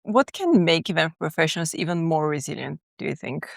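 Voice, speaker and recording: A woman's voice: low-pitched, expressive, a little fast, gravelly, dry recording, clean studio sound. A woman hosting a podcast, asking interview questions and laughing often as she listens. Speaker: podcast host.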